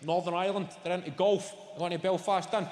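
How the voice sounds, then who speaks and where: A middle-aged Scottish man with a high voice does a stand-up set on a large theatre stage, talking fast in a steady tone. He's sweary and punchy and banters with the crowd, amid loud laughter, long echoey reverb, and a little hiss or hum.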